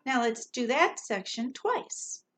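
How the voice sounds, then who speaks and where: A woman with a slightly high, animated voice leads a Sunday school class, patiently teaching a children's song line by line. She goes slowly, singing each line and then talking it through, over music on a dull, lo-fi recording with a loud ukulele.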